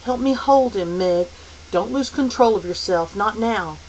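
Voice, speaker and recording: A woman's voice: mid-range voice, unhurried, a little mellow, lo-fi sound, a little hiss or hum, natural voice. A woman voicing an athletic teenage boy who speaks bluntly and firmly. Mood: determined. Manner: blunt, firm.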